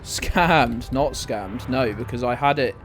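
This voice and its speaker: A man's voice: medium pitch, takes it slowly, fairly bright tone, faint music behind. Swearing, chatty male game streamer. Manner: chatty, swears freely, reads out and answers chat. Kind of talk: casual gameplay commentary.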